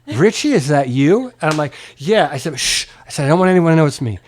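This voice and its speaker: A guest musician talks rapid-fire in a fairly high-pitched voice during an at-home interview. He tells a long, casual story with lots of swearing and animation, acting out the voices of others involved.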